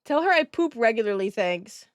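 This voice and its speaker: A woman's voice: fairly high pitch, very animated, moderate pace, no echo, studio quality. A young woman streaming while she colors, chatting casually with her chat, giggling and swearing freely.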